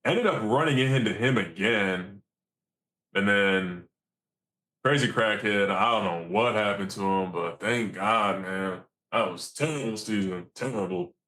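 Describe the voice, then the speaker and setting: Man, low voice, fisherman guest, animated swearing storyteller. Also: unhurried. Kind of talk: casual storytelling.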